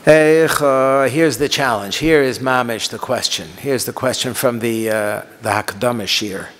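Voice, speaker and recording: A man teaching as a rabbi, reading Hebrew lines and explaining them, moving between quiet explanation and passionate pleading cries. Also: mid-range voice, measured pace. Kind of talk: Torah lecture on liturgical laments. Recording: long hall reverb.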